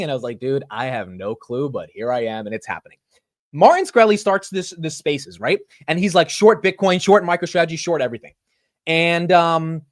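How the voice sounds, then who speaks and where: A young man hosting a finance livestream, excitedly rambling through a story in casual chat. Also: a little high, no echo, studio quality. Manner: excitable, rambling storyteller, calls listeners bro.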